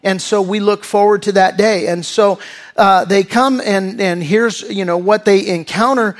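A man's voice: high-pitched, fairly even intonation, measured pace. A male pastor preaching a sermon in an earnest, conversational way, often restarting and stumbling over his words.

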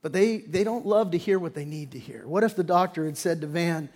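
High-voiced man preaching emphatically. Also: brisk, few pauses. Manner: emphatic preaching with sudden loud stresses and drops; acts out quoted attitudes in character. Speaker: pastor. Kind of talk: sermon.

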